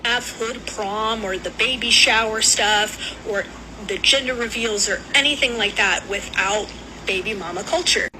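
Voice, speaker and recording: A woman's voice: a little high, measured pace, noisy background. A woman delivering a matter-of-fact, opinionated monologue as a video commentator.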